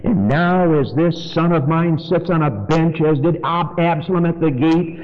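Male pastor, fiery sermon delivery, slightly high voice, muffled old recording with faint hiss. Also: unhurried. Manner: impassioned, swinging from loud high preaching to low quiet warning. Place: church.

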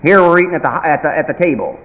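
A folksy preacher delivers a sermon with a fairly high voice. He swings from loud emphatic bursts to quiet, low asides. His voice echoes through a long reverberant hall. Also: expressive, quick pace, muffled recording.

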